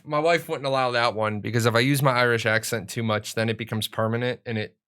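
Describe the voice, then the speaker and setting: Chatty male streamer, bright voice. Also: mid-range voice, clean tone. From United States. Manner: rambling, chatty, self-joking. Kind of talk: casual live-stream chat.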